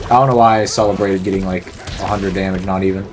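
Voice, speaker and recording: A man's voice: low voice, fairly even intonation, a little fast, few pauses, soft background music. A man giving casual, profane, joking commentary while playing a fighting game. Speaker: gameplay commentator.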